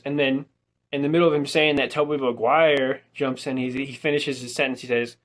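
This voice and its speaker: A young man casually reviewing a movie, retelling its scenes in an animated way and quoting the characters with plenty of "like.". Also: on the high side, moderate pace. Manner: animated storytelling, quotes characters with filler "like".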